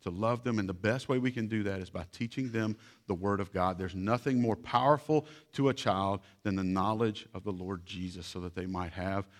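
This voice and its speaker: A man's voice: on the low side, moderate pace. A young man, a pastor and father, preaching a sermon in an earnest, urgent tone. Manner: earnest, urgent pleading to the congregation.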